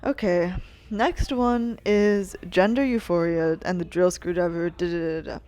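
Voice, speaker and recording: A woman's voice: on the low side, steady tone, unhurried, darkish tone. A woman hosting her own podcast, talking in a rambling, chatty way and often restarting her sentences while munching snacks near the mic. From Canada. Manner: rambling, chatty, self-interrupting. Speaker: podcast host. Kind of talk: casual solo podcast monologue.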